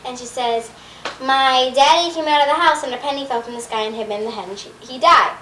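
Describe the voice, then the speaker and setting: Brief: high-pitched woman, halting storyteller, recorded distant in a roomy space with faint noise. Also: pushed and bright. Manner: rambling, halting joke telling with many fillers. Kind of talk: casual joke telling.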